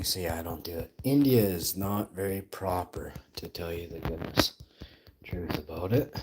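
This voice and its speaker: A man's voice: low voice, heavy background noise. A man chatting casually to his live-stream audience, rambling through stories. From Canada. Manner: rambling, chatty storytelling that turns loud and laughing.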